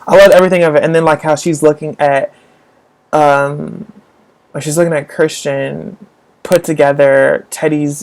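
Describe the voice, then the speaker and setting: In a casual live chat about books, a woman speaks to her viewers in a low register, rambling enthusiastically. Her voice shoots up into high squeals at the moments that excite her most.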